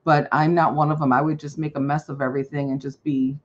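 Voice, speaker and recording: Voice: mid-range voice, fast. A guest speaking casually and chattily on a live stream, agreeing often and telling everyday stories. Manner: chatty, relaxed, with frequent fillers and agreement. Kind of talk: casual chat. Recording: dull lo-fi call audio with faint noise.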